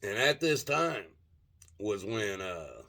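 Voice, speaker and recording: In a casual vlog, an older man tells a rambling, profane story, often stopping to grope for words amid plenty of fillers. His voice is on the low side, creaky, pushed and bright, with big pitch swings, and he takes it slowly.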